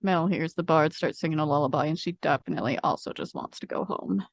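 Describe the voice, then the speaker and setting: Low, gravelly-voiced woman player. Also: fast. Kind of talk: casual tabletop chat.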